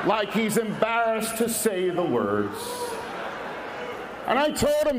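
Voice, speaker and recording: Guy joking at a big auditorium event, kinda high voice, noisy PA recording with crowd ambience. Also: huge pitch swings, takes it slowly, pauses often, echoey room. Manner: playful, teasing, projecting to a crowd. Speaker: event emcee. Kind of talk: stage emcee speech with jokes. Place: large auditorium. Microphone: stage microphone over PA.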